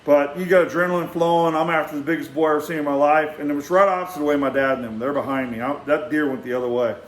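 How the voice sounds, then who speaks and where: An older man with a drawl tells a long personal anecdote, animated and acting out the sounds. He often starts a sentence over. His voice sits a little high and rings in a roomy, echoing space. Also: racing. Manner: animated, acts out sounds, many restarts. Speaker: storyteller.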